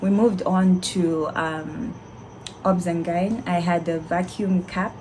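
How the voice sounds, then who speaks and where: Young woman, vlogger, lowish voice, animated storytelling. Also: slow, a little hiss or hum, poor audio. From Zambia. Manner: animated, laughing, candid. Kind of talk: casual storytelling vlog.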